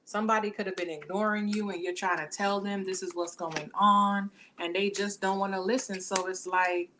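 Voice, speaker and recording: A woman's voice: medium pitch, steady tone, moderate pace, few pauses, pushed and bright, a little hiss or hum. A woman giving a casual tarot reading to camera, talking in blunt, slangy, profane chatter into the camera mic. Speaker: tarot reader.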